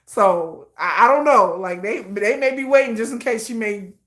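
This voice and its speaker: A woman hosting a casual commentary live stream, talking in an animated, slangy, gossipy way and laughing often. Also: a little high, normal speed.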